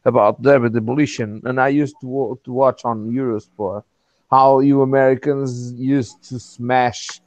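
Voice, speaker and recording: A man from Portugal, hosting a casual chat and speaking haltingly, often repeating words. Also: mid-range voice, steady tone, a little mellow, dry recording.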